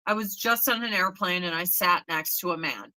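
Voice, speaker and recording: A woman's voice: lowish voice, normal speed, bright, forceful tone, poor audio. A woman in her forties hosting a casual morning chat, blunt and profane, often mocking people in put-on voices. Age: 40s. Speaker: host.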